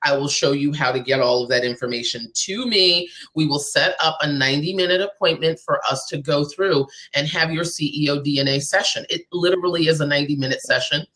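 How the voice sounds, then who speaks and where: A woman's voice: low-pitched, a little fast, few pauses, a bit bright. A woman guest on a live show, a business coach talking in an emphatic, persuasive way and repeating her key phrases.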